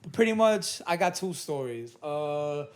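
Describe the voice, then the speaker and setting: A man's voice: a little high, lively intonation, a little slow. A man, a podcast guest telling stories in a loose, rambling way full of fillers and restarts. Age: late 20s. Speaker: guest, program supervisor in education. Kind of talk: casual podcast chat, storytelling.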